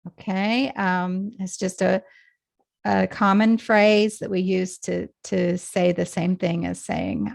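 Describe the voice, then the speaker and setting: A woman teaching English pronunciation in a patient lesson, repeating phrases slowly so learners can follow. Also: on the low side, fairly even intonation, creaky, darkish tone, dry recording, clean studio sound. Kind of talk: slow explanatory lesson.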